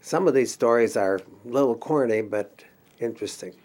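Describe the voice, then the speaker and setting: A man's voice: medium pitch, moderate pace, darkish tone. Older man telling career stories. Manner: reminiscing storyteller acting out dialogue, chuckling. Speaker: interviewee recalling career as counselor. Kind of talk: oral history interview.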